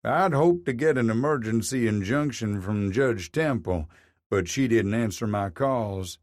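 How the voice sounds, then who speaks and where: A man's voice: lowish voice, expressive, measured pace, a little mellow, no echo, studio quality. A man voicing a weary defense lawyer explaining bad news in a resigned tone. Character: weary middle-aged male defense lawyer.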